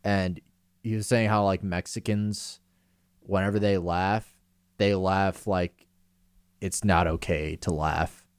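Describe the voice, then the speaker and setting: Young man, twenties, low pitch, smooth resonant voice, dry close sound, rambling self-deprecating podcast chat. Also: steady tone, slow pace, long pauses, dry recording. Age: 20s. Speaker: podcast co-host. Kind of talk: casual chat.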